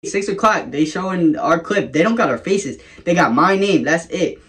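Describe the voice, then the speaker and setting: Young man vlogger, casual storyteller, slightly high voice, swears freely. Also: animated, moderate pace, a bit bright. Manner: casual, profane, rambling with laughs.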